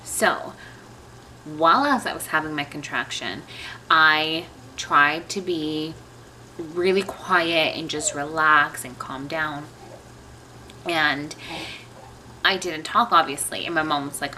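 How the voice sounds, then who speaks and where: A young woman sits at home talking to her camera, telling a long personal story in a loose, rambling way full of fillers and asides. Her voice sits a little low but has a bright, forceful edge. Faint room ambience hums behind her. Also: slow, long pauses, slight background noise. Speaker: vlogger.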